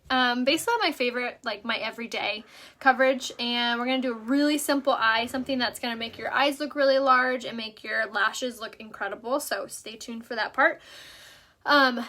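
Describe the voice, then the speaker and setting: A woman's voice: fairly high pitch, bright, forceful tone. Chatty young woman, lots of "like". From San Diego, California. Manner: rambling, lots of "like" fillers. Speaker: makeup livestream host. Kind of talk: casual chatty livestream. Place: at home.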